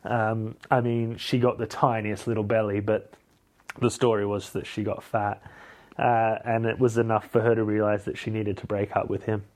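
A man, a podcast host, rambling through a comic film recap in a deadpan, sweary way. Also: lowish voice, moderate pace.

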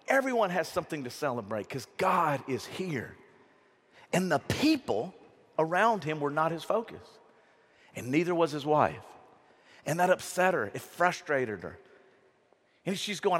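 A man preaching a lively sermon, telling stories and acting out quotes in raised voices. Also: moderate pace. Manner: animated storytelling, acts out quotes in high voices. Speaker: pastor. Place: church sanctuary. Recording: long reverb of a church hall.

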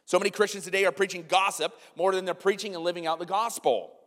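Brief: earnest male pastor, slightly raised pitch, conversational sermon style, reverberant hall. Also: steady tone, quick pace, a bit bright. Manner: earnest, conversational preaching with rhetorical questions and acted-out quotes.

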